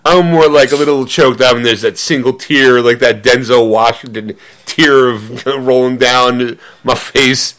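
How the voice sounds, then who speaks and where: A man's voice: medium pitch, fairly even intonation, a little slow, fairly bright tone. A man co-hosting a podcast, chatting casually, rambling with many fillers and breaking into laughter often. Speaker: podcast co-host. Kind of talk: casual chat.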